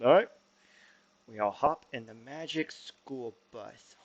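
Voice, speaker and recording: A man's voice: mid-range voice, takes it slowly, highs cut off. A young man narrating as game master in a casual, swearing, laughing way with many ums.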